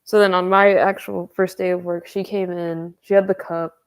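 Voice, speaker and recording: A young woman in her twenties tells a story on a casual stream. Her voice sits a little low and has a gravelly fry. Her talk is chatty and loose, packed with fillers and quick laughs. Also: level tone.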